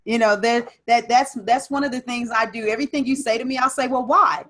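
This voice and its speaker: A woman's voice: fairly high pitch, fairly even intonation, fast. A woman who is a personal development coach and business strategist, talking emphatically in a casual interview conversation. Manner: emphatic, driving coaching talk.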